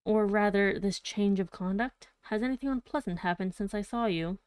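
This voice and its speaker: A woman reading as a polite gentleman narrator. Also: medium pitch, normal speed, clean tone, dry recording, close to an everyday voice. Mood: inquiring. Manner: formal, inquiring. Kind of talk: audiobook reading.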